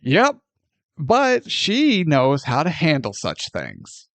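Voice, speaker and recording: A man hosting a casual film review podcast, sarcastic and animated, swearing freely as he retells a plot. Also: on the high side, takes it slowly, no room sound.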